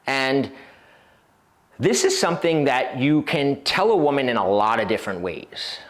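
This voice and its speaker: A man's voice: mid-range voice, lively intonation, unhurried, fairly bright tone. A man coaching on dating in a casual video talk, telling stories and acting out the voices of people he quotes. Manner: casual with frequent fillers and restarts. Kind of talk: instructional video talk to camera.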